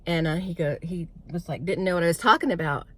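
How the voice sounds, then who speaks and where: A woman with a slightly low voice tells a spooky personal story in a loose, casual vlog. She rambles and restarts her sentences, filling the gaps with "um" and "uh". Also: fast, a bit bright. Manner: rambling, many fillers and restarts. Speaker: vlogger telling a personal story.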